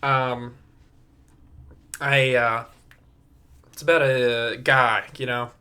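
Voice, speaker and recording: A young man chatting on his solo podcast, loose and rambling, dropping curse words as he goes. His voice sits at a middle pitch for a man, and he keeps it easygoing and unscripted. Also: little pitch movement, extremely slow, sharp tone. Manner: rambling, profane, laughs at his own stories. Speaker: podcast host. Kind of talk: casual solo podcast chat.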